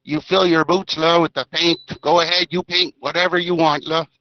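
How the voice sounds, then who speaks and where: A man's voice: a little high, flat delivery, normal speed, no room sound, close to an everyday voice. A man doing a joking put-on Acadian French accent, sprinkling French words into his English, heard over lo-fi voice chat audio. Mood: playful.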